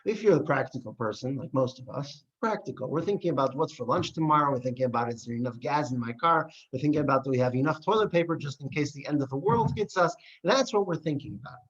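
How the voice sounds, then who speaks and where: A man, a rabbi, teaching an adult class, asking rhetorical questions and telling stories with lively voices. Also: medium pitch, quick pace, hardly any pauses. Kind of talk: adult education lesson. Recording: dull lo-fi recording.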